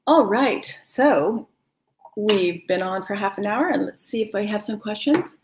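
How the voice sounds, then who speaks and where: A woman with a mid-pitched voice guides a live online wellness class. She speaks in a warm, encouraging, chatty way and laughs easily. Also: animated, a little slow, slight background noise. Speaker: wellness teacher. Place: home, no kids in the house.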